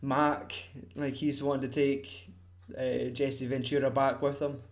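A man's voice: medium pitch, little pitch movement. Sweary guy chatting, echoey room. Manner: sweary, laughing, quick quoting of film scenes. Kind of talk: casual chat.

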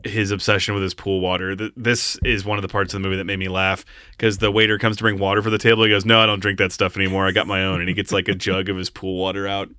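Male podcast co-host, low-pitched, smooth and forceful tone, blunt and exasperated film talk. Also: flat delivery, quick pace, dry recording, studio quality. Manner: blunt, exasperated, swears casually. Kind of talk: casual film review chat.

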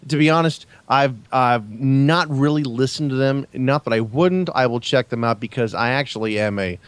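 A man's voice: mid-range voice, normal speed, clean tone, no room sound. A man co-hosting a podcast, joking dryly and starting with hesitations. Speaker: podcast co-host. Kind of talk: casual chat.

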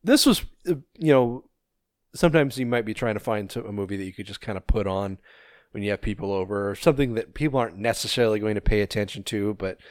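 A man with a fairly low voice co-hosts a podcast in relaxed, rambling chat. He leans on fillers and drops casual swears. The sound is close and dry. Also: fast, no room sound. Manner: laid-back, swears often, many fillers. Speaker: podcast co-host.

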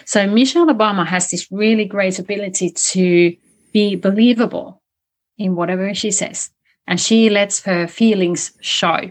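Woman explaining speaking skills on a call, chatty and animated, shows the tones as she goes. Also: mid-range voice, normal speed. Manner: animated, explains with spoken demonstrations. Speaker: communication coach guest. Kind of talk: conversational interview explanation.

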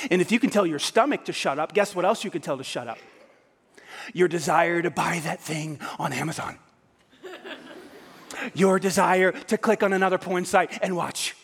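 A man's voice: on the high side, fairly bright tone. A male pastor preaching a sermon, firing rhetorical questions at his congregation. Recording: long hall reverb.

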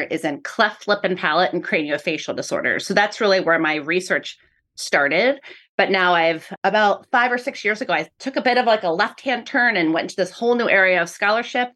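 A woman's voice: mid-range voice, lively intonation, fairly quick, a bit bright. Woman academic, earnest explainer in an interview. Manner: earnest, explanatory, repeats "really" often. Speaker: professor of speech-language pathology. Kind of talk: interview answers.

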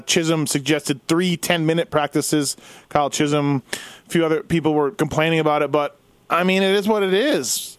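A man's voice: fairly high pitch, a bit bright, no echo. Rambling man hosting a casual chat. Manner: quick, rambling, thinks aloud. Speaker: podcast host.

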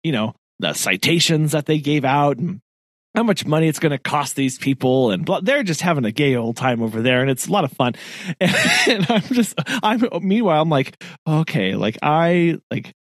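A man's voice: a little high, animated, normal speed, no echo. A man tells a story on a casual podcast, his voice rising and falling freely. He laughs often and acts out the people he talks about. The sound is close and dry. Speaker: podcast co-host.

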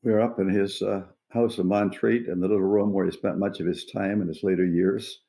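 Gravelly, dark-voiced man in his eighties. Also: deep voice, fairly even intonation. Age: 80s. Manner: earnest, unhurried, pausing to find words. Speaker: evangelist guest. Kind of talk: reflective personal storytelling.

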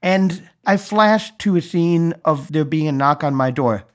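A man's voice: on the high side, lively intonation, measured pace, hardly any pauses. A man hosting a podcast, telling a story in a wry, self-deprecating way. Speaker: podcast host. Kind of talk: storytelling monologue.

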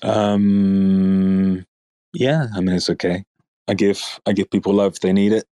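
Deep-voiced British man, deadpan. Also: measured pace, clear, resonant tone, dry recording. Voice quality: deep baritone. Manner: deadpan, teasing. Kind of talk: casual chat on a group voice call.

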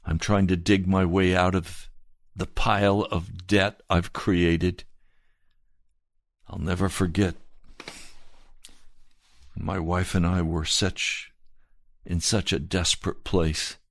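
A man preaching a slow, earnest sermon and telling a personal testimony. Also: sits low, little pitch movement, dry recording, clean studio sound. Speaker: pastor.

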